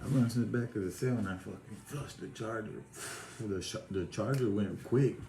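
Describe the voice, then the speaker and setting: A man's voice: on the low side, normal speed, gravelly, warm tone. A man telling a rambling prison story in casual, profane street slang. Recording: echoey room with faint noise.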